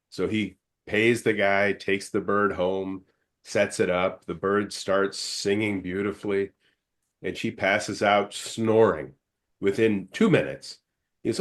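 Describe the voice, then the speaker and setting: A man's voice: lowish voice, unhurried. Man telling a joke at an easy pace. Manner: steady punchline storyteller. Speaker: panel guest.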